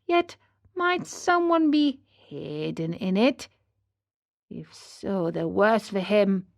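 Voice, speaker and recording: A woman voicing an old male carpenter who talks slowly and fearfully. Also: mid-range voice. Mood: frightened. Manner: stuttering, slow and fearful.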